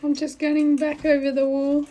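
A woman playing a tabletop role-playing game, excitable and giggly. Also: sits high, moderate pace. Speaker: player.

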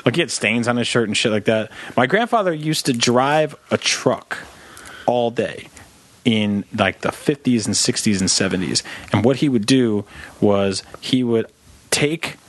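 A man's voice: mid-range voice, lively intonation, a little slow. Man telling a rambling comic story. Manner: rambling storyteller, mimics people in quotes. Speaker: podcast co-host. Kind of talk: casual comedy chat.

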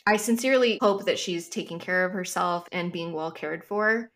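Speaking at a moderate pace in a lowish, slightly bright voice, this astrologer is a guest on a podcast. Her casual talk is thoughtful and emphatic, sprinkled with frequent hedges.

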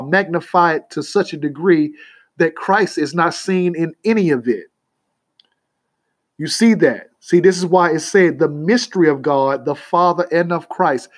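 Man preaching a sermon, slow and emphatic, kinda high voice, keeps checking if the people follow. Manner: repeats "you see that?" to the congregation; slow, emphatic delivery with long pauses.

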